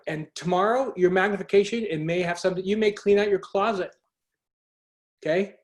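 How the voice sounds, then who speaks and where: A man's voice: sits high, brisk. A man hosting a motivational group call, earnest and urging, putting direct questions to his listeners. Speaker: host. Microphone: video call.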